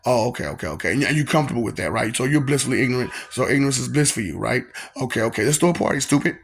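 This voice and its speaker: A man's voice: mid-range voice, animated, very fast, creaky, a little hiss or hum. A man talking in a freewheeling, taunting monologue, repeating lines and laughing often.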